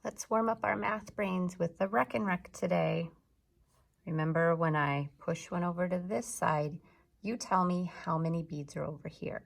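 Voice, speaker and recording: A woman teacher giving a video lesson to young children, sounding out words slowly and clearly. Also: on the low side. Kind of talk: early-grades classroom video lesson.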